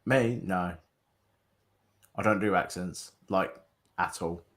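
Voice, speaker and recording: A man co-hosting a podcast, easygoing and quick to laugh. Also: low-pitched, fairly bright tone. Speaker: podcast co-host. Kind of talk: casual podcast banter.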